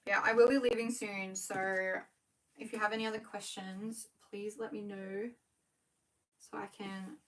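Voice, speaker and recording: A young woman with an Australian accent chatting casually to viewers on a livestream while she works, talking quickly and correcting herself as she goes. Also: mid-range voice, level tone, fairly bright tone. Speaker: small business owner livestreaming. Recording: voice a bit far from the mic.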